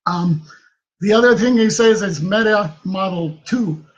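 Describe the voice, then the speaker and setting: A self-help video host with a high-sitting voice offers casual advice to the camera at an unhurried pace, chatty and tagging many sentences with a questioning "right?". The recording has its highs cut off.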